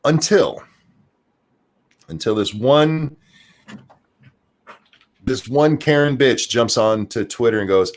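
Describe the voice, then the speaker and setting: Southern male co-host, lively pitch, profane casual ranting delivery. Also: takes it slowly, pauses often. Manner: animated, profane, repeats words when starting sentences. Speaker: podcast co-host.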